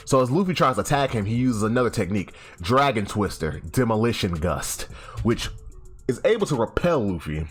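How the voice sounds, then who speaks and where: Animated low-voiced man recapping a comic. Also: brisk. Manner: animated, swears freely, frequent restarts. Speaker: YouTube host. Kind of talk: casual comic chapter recap. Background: faint background music.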